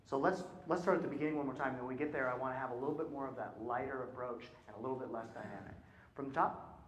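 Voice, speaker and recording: A man's voice: medium pitch, steady tone, rapid-fire, slight background noise. A man working as a choir clinician, coaching singers through a rehearsal and often asking questions and checking in with "right?". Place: concert hall. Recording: roomy hall sound.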